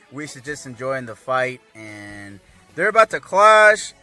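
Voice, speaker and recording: A man's voice: medium pitch, a little slow, faint music behind. A man casually recapping an anime episode, rambling with lots of fillers. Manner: rambling, filler-heavy, animated.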